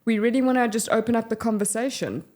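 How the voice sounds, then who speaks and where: A young woman from South Africa co-hosting a podcast, explaining ideas in an earnest, measured way. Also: a little high, darkish tone. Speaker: podcast co-host. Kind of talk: casual podcast chat.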